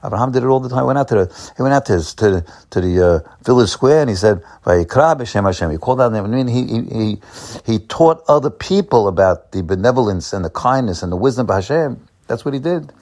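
A man giving a Torah sermon in an animated way, with many restarts and emphatic peaks. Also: medium pitch, fast talker. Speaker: rabbi.

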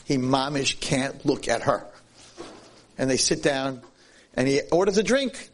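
Husky man telling a lively sermon story. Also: unhurried. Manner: animated storytelling with lively pitch swings. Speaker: Jewish lecturer.

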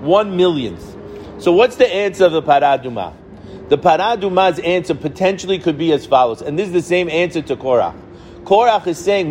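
A middle-aged man giving an informal Torah lesson, animated, repeating words for emphasis and answering his own questions. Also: on the high side, brisk, slight background noise. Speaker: rabbi teaching the weekly Torah portion.

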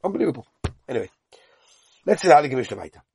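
A man's voice: mid-range voice, big pitch swings, racing, vocal fry, a little mellow, slightly rough. A middle-aged man giving a Talmud lesson, talking animatedly and mixing Hebrew and Yiddish terms into English. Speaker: Talmud teacher.

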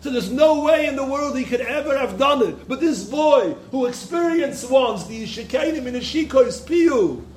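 A man's voice: very high voice, lively intonation, normal speed, few pauses, darkish tone. A man giving an impassioned Torah lecture to yeshiva students, repeating phrases for emphasis. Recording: echoey room.

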